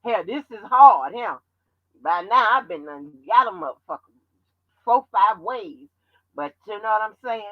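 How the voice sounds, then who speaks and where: A woman hosting a livestream, talking bluntly and profanely in animated commentary. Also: mid-range voice, a little slow, no echo, dull audio. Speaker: channel host.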